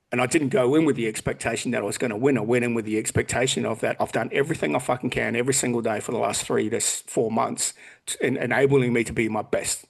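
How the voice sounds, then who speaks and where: Aussie guy in his 40s on a podcast, swearing constantly, blunt, mid-pitched voice. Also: vocal fry, husky. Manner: blunt and heavily profane, acting out quotes. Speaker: podcast guest. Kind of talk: casual podcast chat.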